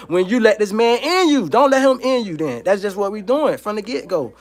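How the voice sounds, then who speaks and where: A man's voice: sits high, expressive, fairly quick, few pauses. A man hosting a livestream from home, ranting in a heated, profane, emphatic way and repeating his points. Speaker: livestream host.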